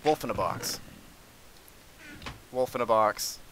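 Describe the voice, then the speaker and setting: A man giving let's play commentary, sarcastic and easily frustrated, with sudden yells at monsters. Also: mid-range voice, slow, slight background noise. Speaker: gamer.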